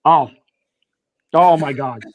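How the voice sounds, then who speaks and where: A man's voice: on the high side, slow pace, no room sound. A middle-aged man, a retired firefighter telling stories bluntly and profanely as a podcast guest. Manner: blunt, profane, animated storyteller. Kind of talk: casual storytelling. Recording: dull, dry lo-fi sound.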